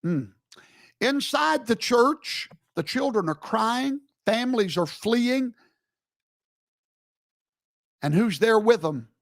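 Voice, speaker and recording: A man's voice: very high-pitched, lively intonation, takes it slowly, long pauses, dry recording, clean studio sound. A man giving a live streamed commentary in an emphatic, preacherly way, scolding with rhetorical questions.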